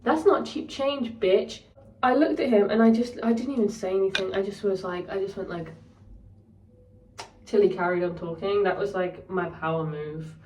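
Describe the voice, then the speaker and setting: A young woman tells a story in a candid, sweary rant, her voice sitting at a middle pitch. She sounds a little set back from the mic, in a room with a noticeable echo. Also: normal speed, a little mellow, distant mic, slight background noise. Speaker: vlogger. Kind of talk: casual storytelling.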